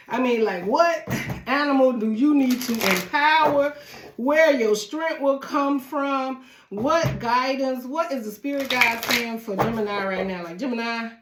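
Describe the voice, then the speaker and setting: A woman's voice: a little high, background noise. A woman giving a casual tarot reading, chatty and laughing often as she talks straight to the viewer. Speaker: tarot reader. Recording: echoey room.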